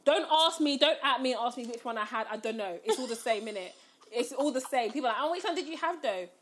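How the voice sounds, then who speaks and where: A young woman tells a story in casual chat. Her voice sits a little high, and she laughs as she goes. She acts out her own quotes with big swings in her voice. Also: fast.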